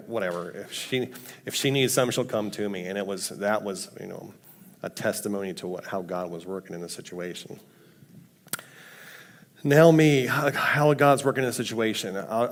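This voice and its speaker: Man telling a casual church testimony. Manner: conversational, acts out quotes with pitch jumps. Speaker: mission team member speaking at church. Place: church sanctuary.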